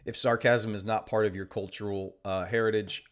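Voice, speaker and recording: A man's voice: fairly low pitch, little pitch movement, moderate pace. A man hosting a trading livestream, chatting casually and sarcastically with viewers and reading out their comments. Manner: joking, sarcastic, reads chat aloud. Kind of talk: casual live-stream chat with viewers.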